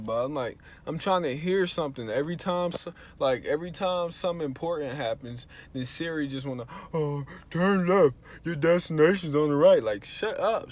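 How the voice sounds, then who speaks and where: A young man vlogging in a casual, slangy, laid-back way, telling stories with animated bursts. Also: mid-range voice. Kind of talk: casual vlog chat.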